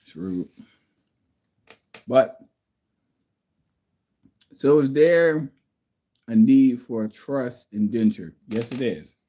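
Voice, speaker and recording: A man's voice: mid-range voice, expressive, very slow, pauses often, mellow. A man hosting a casual livestream from home, reading viewer comments and answering them bluntly, like a lecture.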